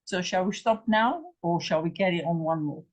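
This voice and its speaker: Speaking at a moderate pace with a lowish voice, an English Hebrew teacher works through a lesson on a rough recording. Each word gets repeated patiently, then spelled out.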